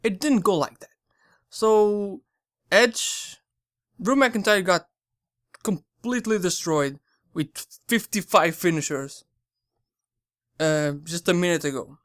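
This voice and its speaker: A channel host giving a casual spoken review, rambling and excitable, often stumbling and correcting their words. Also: mid-range voice, slow, pauses often, no echo, studio quality.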